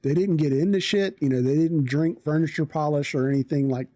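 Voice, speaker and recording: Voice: mid-range voice, brisk, mellow, no echo. An adult parent streaming live, telling a story bluntly with plenty of swearing. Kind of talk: casual storytelling to a live chat.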